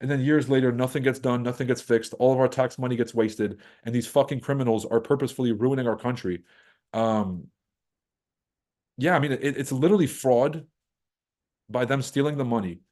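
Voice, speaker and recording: A man with a dark, mellow voice rants on a trading livestream. He swears freely and runs on in loose, casual commentary. He mocks other people by putting on voices. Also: mid-range voice, a little fast. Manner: profane, animated, mocks others in put-on voices. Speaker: livestream host.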